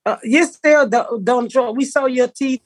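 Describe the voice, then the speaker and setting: Blunt, profane woman comic; husky voice, dry close sound. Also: high-pitched, normal speed, no room sound. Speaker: comedian co-host. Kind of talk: casual podcast chat.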